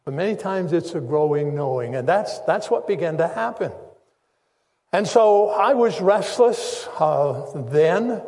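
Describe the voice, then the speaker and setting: A man's voice: high voice, a little mellow. An older man preaching a sermon, telling his story in an earnest way and repeating phrases for weight. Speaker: pastor. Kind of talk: sermon testimony. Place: church sanctuary. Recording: long reverb of a church hall.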